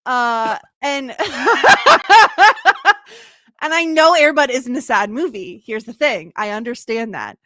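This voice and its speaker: A woman co-hosting a casual podcast, telling stories in a chatty, animated way. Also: on the high side, normal speed, few pauses, no room sound, studio quality. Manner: chatty, animated storytelling with laughs. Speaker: podcast co-host. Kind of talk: casual chat.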